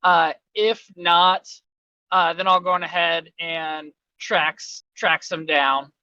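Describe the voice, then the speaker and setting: A man's voice: fairly high pitch, fairly even intonation, takes it slowly, bright, forceful tone, clean tone, no echo, highs cut off. A man playing a tabletop game, talking casually with fillers. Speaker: player.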